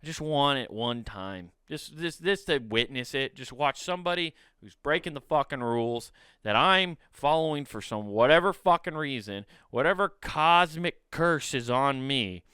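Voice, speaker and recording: A man's voice: mid-range voice, expressive, normal speed, sharp tone, clean tone, dry recording, studio quality. A man in his thirties, a comedian hosting his podcast, ranting and cursing through a comic monologue and acting out little scenes. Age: 30s. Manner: profane, ranting, acts out bits in a raised voice.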